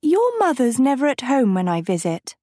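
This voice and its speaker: Woman doing Sophie, a high eager teenage girl. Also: wildly swooping pitch, normal speed, warm tone, no echo, clean studio sound, exaggerated voice. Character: bright, eager teenage girl, earnest and proud.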